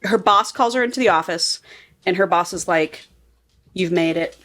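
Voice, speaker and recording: A woman's voice: mid-range voice, moderate pace, a bit bright. A woman co-hosting a podcast, casually and profanely recapping a romance novel and acting out its characters as she goes. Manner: chatty, profane, acts out characters while recapping. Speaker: podcast co-host. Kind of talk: casual book-review chat.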